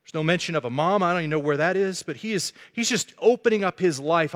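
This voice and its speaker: A man's voice: on the high side, expressive, fairly quick, fairly bright tone. A man preaching a sermon as a pastor, telling the story earnestly and acting out the quotes. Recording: echoey hall.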